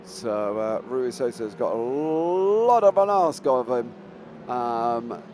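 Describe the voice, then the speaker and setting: A man's voice: mid-range voice, lively intonation, takes it slowly, a little mellow, a little hiss or hum. A man doing live sim racing commentary in a chatty way, full of fillers and calling his co-host mate.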